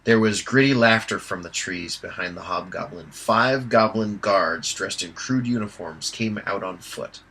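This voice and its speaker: A man reading an audiobook aloud in a steady storytelling voice. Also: low voice, unhurried, few pauses, slightly rough, rough recording. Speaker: audiobook reader. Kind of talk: amateur audiobook narration.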